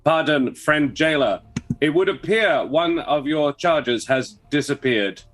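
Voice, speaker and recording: A man voicing a stiff, formal male rogue who speaks in measured, polite sentences. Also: fairly high pitch, animated, a bit bright, poor audio. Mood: sly.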